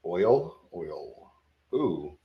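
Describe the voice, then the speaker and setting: A man's voice: sits low, sing-song, extremely slow, echoey room, muffled recording. A man hosting a live trading stream, talking casually and thinking aloud, often repeating his words. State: sleepy, yawning. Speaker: livestream futures trading host.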